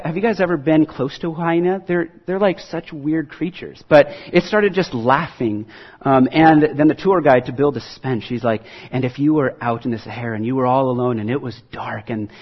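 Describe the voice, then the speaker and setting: A man's voice: on the high side, breathy edge. A man preaching a sermon as pastor, in a conversational storytelling way with fillers. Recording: dull lo-fi recording.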